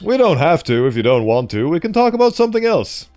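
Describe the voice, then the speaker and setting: A man reading aloud voices a calm, patient male clinical psychologist who asks gentle, soothing questions. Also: fairly high pitch, fast talker, soft background music.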